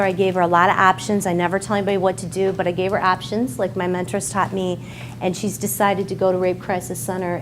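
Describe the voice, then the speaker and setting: A woman's voice: mid-range voice, slight background noise. A woman author with an American Midwest accent gives a heartfelt, emotional talk to an audience at a bookstore signing, at times near tears. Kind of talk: emotional speech at a book signing. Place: bookstore event room with an audience.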